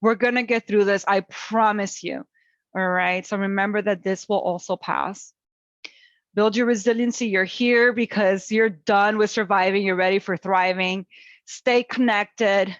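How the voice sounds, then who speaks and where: A woman's voice: medium pitch, steady tone, unhurried, no echo, dull audio. A woman presenting an online webinar on parenting and resilience, talking in an encouraging, chatty way with many fillers.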